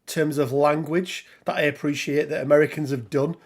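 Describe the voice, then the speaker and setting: Brief: rambling middle-aged English man, slightly high voice, live-stream host. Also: level tone, moderate pace, husky. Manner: chatty, rambling, reads out viewer names. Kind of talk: casual live-stream chat.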